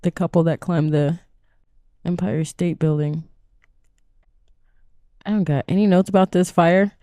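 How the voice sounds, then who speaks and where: A woman's voice: lowish voice, unhurried, warm tone, dry recording, clean studio sound. A woman hosting a casual solo podcast from inside her van, rambling loosely and swearing freely in a groggy morning voice. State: groggy morning voice, short on sleep. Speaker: podcast host.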